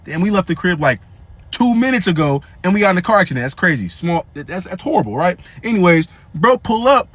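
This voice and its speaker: High-voiced young man telling a story. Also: fairly quick, no echo. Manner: slangy, animated retelling with quoted dialogue. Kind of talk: casual storytelling.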